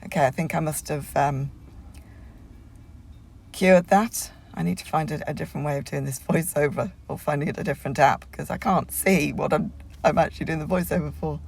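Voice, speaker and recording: A woman's voice: low-pitched, a little fast, vocal fry, a little mellow, husky. A woman talking through a home nail tutorial as a casual voiceover, chatty and rambling, with plenty of fillers and restarts.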